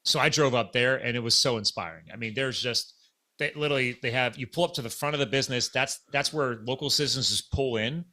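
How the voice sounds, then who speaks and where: A man's voice: medium pitch, quick pace. A middle-aged man hosting a podcast, telling a story in casual chat and acting out the quoted dialogue. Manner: animated, acts out quoted dialogue. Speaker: podcast host.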